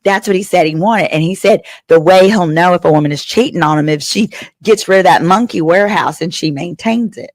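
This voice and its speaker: The host, a thirtysomething attorney, casually shares a humorous story from home at her father's house, voicing the other people involved herself. Her pitch is fairly low and her tone darkish, she talks a little fast, and there is no room sound.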